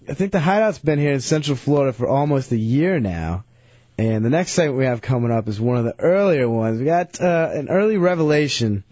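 A man's voice: medium pitch, darkish tone, dry recording. A man hosting a radio show in casual, rambling chat. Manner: laid-back, rambling. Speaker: radio host. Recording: dull, dry lo-fi radio recording.

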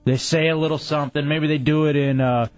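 A man's voice: a little high, steady tone, brisk, no room sound, muffled recording, soft background music. A man hosting a talk radio show, opinionated and argumentative in casual banter.

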